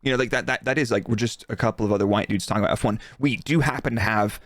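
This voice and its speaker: A man co-hosting a casual podcast, relaxed and chatty, laughing easily. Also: fairly low pitch, very fast, no room sound. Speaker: podcast co-host, former F1 engineer.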